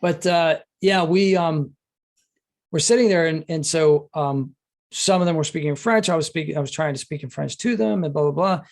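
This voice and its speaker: A man hosting a podcast who tells anecdotes in a chatty way and gets animated when quoting others. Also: a little high, moderate pace, vocal fry. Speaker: podcast host. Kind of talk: casual conversation, anecdotes.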